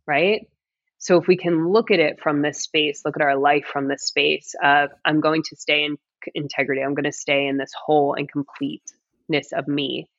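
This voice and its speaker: A woman's voice: deep voice, creaky, no echo, dull audio. A woman in her thirties, a mother and coach, talking earnestly as a podcast guest, with many "like"s and "right?"s. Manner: earnest, heartfelt, frequent "like" and "right?". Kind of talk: reflective interview conversation.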